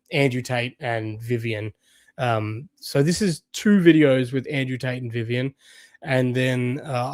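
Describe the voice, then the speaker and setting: A man's voice: medium pitch, darkish tone, dry recording. Guy hosting a stream, lots of ums and restarts, dry room sound. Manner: hesitant, many fillers and restarts. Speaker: host. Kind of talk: casual livestream talk.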